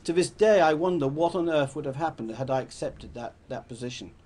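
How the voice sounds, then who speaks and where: A man's voice: fairly high pitch, expressive, brisk, darkish tone. An older man from England gives a rambling, anecdotal talk to an audience, often correcting himself as he goes. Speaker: public speaker.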